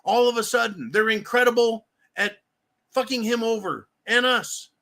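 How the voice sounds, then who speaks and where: A man's voice: extremely high pitch, normal speed, pushed and bright. A man delivering an angry, profane and sarcastic political rant as commentator.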